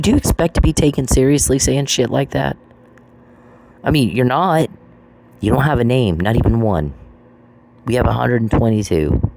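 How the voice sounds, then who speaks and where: A man's voice: mid-range voice, darkish tone. A man in an angry monologue aimed at one person, swearing and repeating his accusations. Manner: profane, accusatory and repetitive. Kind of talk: angry monologue addressed to someone. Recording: noisy recording with clicks.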